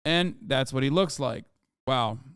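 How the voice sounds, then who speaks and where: A man's voice: mid-range voice, unhurried, fairly bright tone, smooth, no room sound, clean studio sound. A man streaming, reacting to news and reading articles aloud, ranting and swearing between passages. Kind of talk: profane political commentary and article reading.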